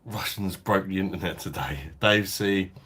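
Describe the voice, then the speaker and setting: A man's voice: deep voice, normal speed, fairly bright tone, husky. A man hosting a casual beer review livestream, chatting laid-back and reading out viewer comments. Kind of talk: casual live-stream chat.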